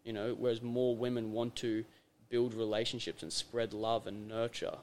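An Australian man hosts a casual podcast chat in a voice of ordinary middle pitch. He talks emphatically and repeats his phrases for effect. He acts out little scenes as he explains his point. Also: flat delivery, normal speed, darkish tone, slight background noise. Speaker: podcast host.

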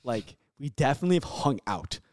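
A man's voice: medium pitch, lively intonation, fairly quick, darkish tone, no echo, studio quality. A young man telling stories as a podcast guest, loose and chatty, packing in "like" fillers and swearing freely. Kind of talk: casual storytelling chat.

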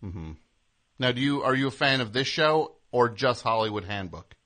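Animated, bright-voiced male radio host. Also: mid-range voice, normal speed. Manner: animated, jokey, slips into exaggerated impressions. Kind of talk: casual comedic banter.

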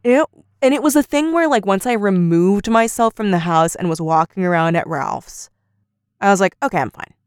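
A woman's voice: medium pitch, moderate pace, clean tone, no echo, clean studio sound. A woman co-hosting a podcast, casually retelling an argument and acting out each quoted line. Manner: animated storyteller, acts out quoted lines. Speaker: podcast co-host.

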